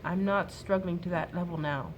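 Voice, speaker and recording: Earnest mom giving gentle advice. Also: female voice, on the low side, normal speed, a little hiss or hum. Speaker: mom sharing a workshop talk. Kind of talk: gentle faith-based advice talk.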